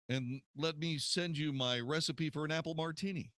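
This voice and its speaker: A man's voice: mid-range voice, sing-song, brisk, hardly any pauses, sharp tone, dry recording. A man, a radio host, recording promo spots in a studio, telling a story with theatrical delivery and retakes.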